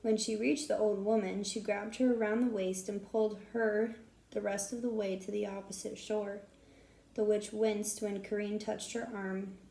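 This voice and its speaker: A woman reads a children's storybook aloud, steady and expressive, in a gravelly, mellow voice. The recording has a roomy echo around her. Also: medium pitch, normal speed. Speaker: audiobook narrator. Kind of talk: storybook reading.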